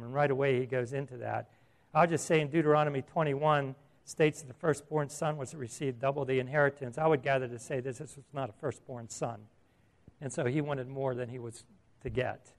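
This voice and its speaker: A man's voice: medium pitch, fairly even intonation, a little fast. A middle-aged man preaching a sermon as a pastor, earnest and emphatic, asking his listeners questions.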